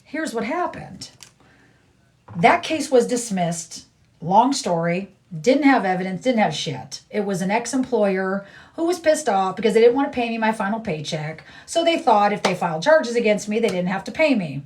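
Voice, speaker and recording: A woman's voice: medium pitch, sing-song, normal speed, darkish tone, recorded from a distance. A middle-aged woman livestreaming, chatting casually in a blunt, rambling way and repeating herself.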